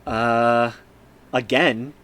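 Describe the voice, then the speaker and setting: A man running a tabletop game as game master, relaxed and peppered with fillers and small laughs. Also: mid-range voice, drawn-out words. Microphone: streaming microphone.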